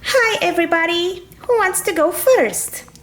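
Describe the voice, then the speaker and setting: A woman's voice: extremely high pitch, animated, unhurried. A woman voicing a friendly little toy pony in a children's toy video, talking in a cheerful, sing-song way.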